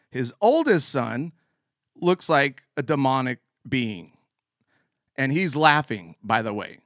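A man spinning a comic story for his show, animated and chuckling between phrases, in a middle-pitched voice. The sound is dry and close, with no room echo. He pushes through punchlines with a grin in his voice. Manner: animated, laughs mid-sentence. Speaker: show host.

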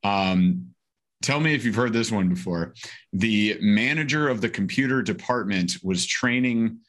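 A young man with a lowish voice tells a story to his podcast co-host. He is animated and acts out the people he quotes. His delivery is loose and conversational. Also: a little slow. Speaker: podcast co-host, sales trainer. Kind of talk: casual storytelling.

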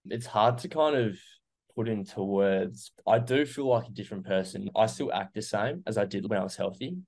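A man's voice: fairly low pitch, moderate pace, vocal fry, darkish tone. A young man, earnestly reflecting on his recovery as an interview guest, with many fillers. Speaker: guest sharing recovery story. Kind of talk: casual interview.

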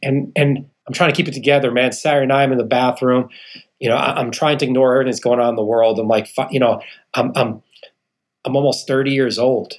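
A fast talker with a mid-range voice and steady tone, this thirtysomething real estate founder is a guest on a podcast. Earnestly telling his personal story, he impersonates the people involved and keeps calling the host "man."

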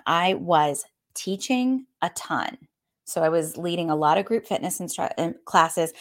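A woman who is a group fitness instructor, giving a candid, conversational motivational talk and speaking straight to her listeners. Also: on the low side. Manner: warm, candid, addresses listeners directly as y'all; laughs between points, conversational.

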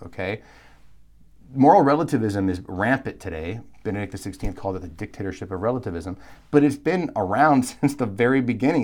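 A man teaching a live Bible course, talking in an animated, emphatic, conversational way with asides and quick restarts. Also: mid-range voice. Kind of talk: live recorded lecture.

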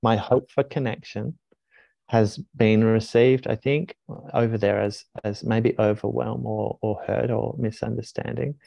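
Earnest, low-voiced man explaining slowly. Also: steady tone, gravelly, warm tone, no echo. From Australia. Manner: earnest, thoughtful, with frequent restarts. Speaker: heart coach guest. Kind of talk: reflective conversational teaching. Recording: dull, dry podcast recording.

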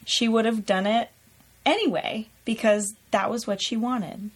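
A woman co-hosting a podcast, reflecting in a thoughtful, measured way. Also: on the high side, steady tone, slightly rough. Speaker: podcast co-host. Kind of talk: reflective conversation.

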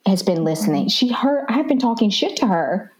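Southern woman psychotherapist guest, animated conversational storyteller. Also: mid-range voice, moderate pace. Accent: Southern American. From Southern United States. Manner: animated storyteller who acts out quotes. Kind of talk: casual podcast conversation.

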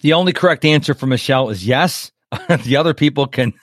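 A man hosting a live webinar as a coach, chatty and lively, acting out quotes and checking in with his listeners. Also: medium pitch, a little fast, dry recording, clean studio sound. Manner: chatty, animated, acts out quotes and checks in with "okay?".

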